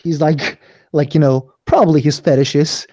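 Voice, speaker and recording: A man's voice: fairly high pitch, fairly even intonation, normal speed, warm tone, dry recording. A young man running a tabletop role-playing game, narrating casually with lots of fillers. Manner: casual, rambling, many fillers. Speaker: game master.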